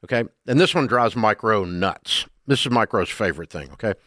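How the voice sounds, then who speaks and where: A man's voice: fairly low pitch, expressive, a little fast, a bit bright, dry recording, clean studio sound. An older man with a Southern US accent hosting a radio talk show, ranting bluntly and emphatically about money mistakes.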